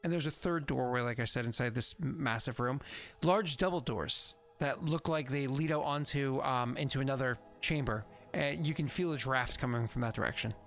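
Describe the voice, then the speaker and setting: A man's voice: medium pitch, moderate pace, fairly bright tone, faint music behind. A man narrating as game master of a tabletop game, rambling with lots of fillers.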